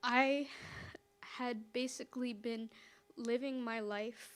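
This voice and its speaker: A young woman, a college student, giving an emotional, halting public comment at a school board meeting. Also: on the high side, fairly even intonation, clear, resonant tone. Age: young adult. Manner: halting, apologetic. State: emotional, near tears.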